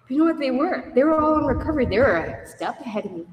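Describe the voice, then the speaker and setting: High-voiced and fast-talking, with lively intonation, a woman gives a plain, candid account of her recovery to a meeting and raises her voice to perform the dialogue. She is picked up from a distance, her words ringing through a large echoey hall where the meeting takes place.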